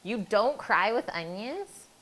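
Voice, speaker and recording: A woman's voice: mid-range voice, expressive, slow pace, fairly bright tone, a little hiss or hum. A woman hosting a live cooking stream, chatting casually with her viewers as she cooks in a home kitchen. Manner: chatty, talks to chat while cooking. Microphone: streaming mic.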